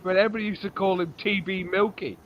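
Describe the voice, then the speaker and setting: A man's voice: sits high, fairly even intonation, fast talker, muffled recording, noisy background. A man in a casual livestream chat, laughing often as he tells crude school stories.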